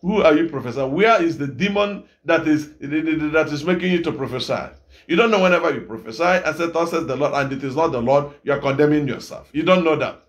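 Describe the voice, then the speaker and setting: High-voiced man preaching a fiery sermon. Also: fairly quick. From Nigeria. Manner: forceful scolding preaching with rhetorical questions, breaks into shouts. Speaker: evangelist preacher.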